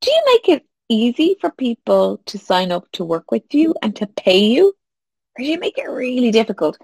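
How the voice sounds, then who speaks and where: A woman's voice: fairly high pitch, normal speed, gravelly, slightly rough, no room sound. A woman, talking casually to listeners as a business coach and acting out little quoted exchanges. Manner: animated, acts out little quoted exchanges with laughs.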